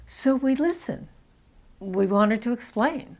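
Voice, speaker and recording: A woman with a Canadian accent teaching an English pronunciation lesson, explaining clearly and stressing key words. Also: a little high, animated, measured pace. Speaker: pronunciation coach.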